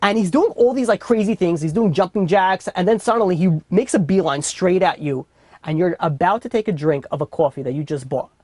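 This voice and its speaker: A man's voice: sits high, fairly quick, darkish tone, no room sound. A man with a New York accent teaching an informal Torah class in a casual, chatty way full of fillers and restarts. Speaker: rabbi teaching a weekly class.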